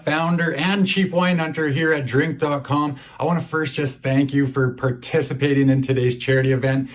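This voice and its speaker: A man from Canada guiding a virtual wine tasting for a charity event, upbeat, chatty and a bit salesy. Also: mid-range voice.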